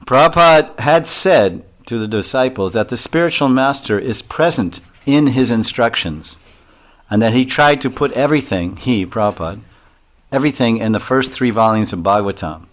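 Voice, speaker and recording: A man's voice: medium pitch, expressive, normal speed. A man giving a devotional lecture as a swami. He tells stories in a rambling way, with many chuckles and acted-out quotes.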